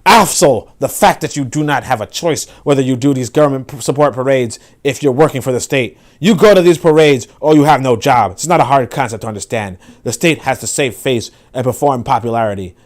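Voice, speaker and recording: A man's voice: mid-range voice, a little fast, hardly any pauses, lightly acted. A man putting on the voice of an angry woman reading her tweets aloud, indignant and scolding.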